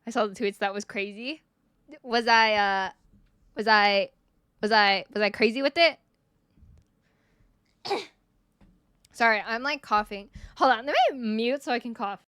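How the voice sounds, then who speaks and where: A woman's voice: fairly high pitch, unhurried, pauses often, fairly bright tone, smooth, dry recording, clean studio sound. A woman in her twenties chatting casually on a live stream into a desk mic, greeting viewers one by one, her voice a bit worn and giving out. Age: 20s. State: voice giving out, coughing.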